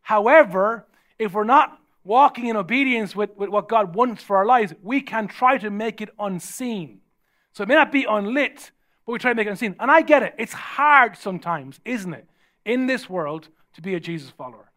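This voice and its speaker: A man's voice: high voice, lively intonation, normal speed, a bit bright. An Irish man, a pastor, preaching a sermon in a humorous, conversational storytelling way. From Ireland.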